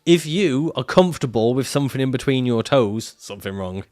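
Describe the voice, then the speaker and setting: A man's voice: medium pitch, expressive, a little fast, a little mellow. A man livestreaming casually, reading out viewer comments and answering them in a jokey, profane way and laughing often.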